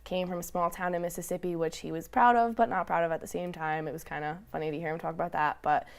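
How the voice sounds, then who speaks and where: A woman's voice: fairly low pitch, steady tone, fast. A young woman speaking as a guest reporter in a casual studio chat, filling her sentences with "like". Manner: chatty, lots of "like" fillers.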